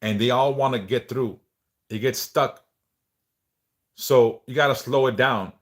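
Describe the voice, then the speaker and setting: Speaking at a medium pitch and without hurry, this male livestream host opens with prayers and then settles into easygoing conversation. Occasional swearing slips in as he reads viewers' messages out loud. He mentions stuttering, and some of his words come out repeated.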